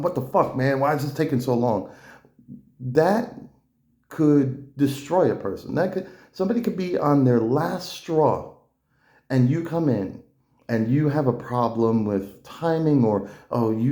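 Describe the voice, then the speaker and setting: Blunt, profane male vlogger with a mellow, dark voice, recorded in an echoey room. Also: medium pitch. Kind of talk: casual opinion monologue.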